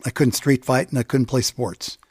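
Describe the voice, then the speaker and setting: A man telling a personal story in a reflective, halting way. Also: mid-range voice, steady tone, a little mellow, slightly rough, no room sound, clean studio sound. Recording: produced podcast with music bed.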